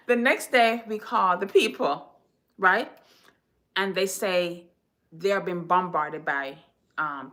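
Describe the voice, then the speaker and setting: A woman from Jamaica, a home decor vlogger, telling stories to her viewers in an animated, chatty, dramatic way. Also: fairly low pitch. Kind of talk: casual storytelling to viewers.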